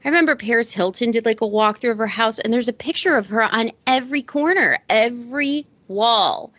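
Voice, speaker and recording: A woman's voice: fairly high pitch, fairly quick, fairly bright tone, no echo. A woman co-hosting a podcast in casual chat, gossipy and blunt, swearing freely. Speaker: podcast co-host.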